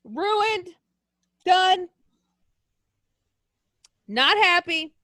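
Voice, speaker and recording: A woman's voice: extremely high pitch, expressive, drawn-out words, bright, forceful tone, dry recording, clean studio sound. A young woman co-hosting a wrestling podcast, ranting and swearing in exasperated casual chat. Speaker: podcast co-host.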